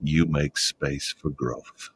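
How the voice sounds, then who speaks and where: A male hypnotist with an accent, guiding listeners gently out of a trance in a slow, soothing manner. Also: very deep voice, steady tone, slight background noise. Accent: regional English accent. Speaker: hypnotist guest. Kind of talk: guided hypnosis induction.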